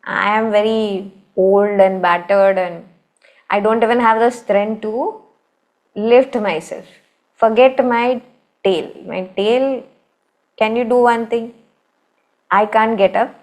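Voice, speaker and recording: Frail old monkey sage, pleading then calmly instructive, put on by an Indian English woman storyteller. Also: mid-range voice, takes it slowly, long pauses, lightly acted.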